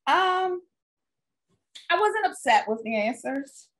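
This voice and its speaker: In a high voice and at a slow pace, a woman co-hosting a podcast tells a casual family story. She's a mother and stepmother who laughs often and tells the tale in a relaxed way.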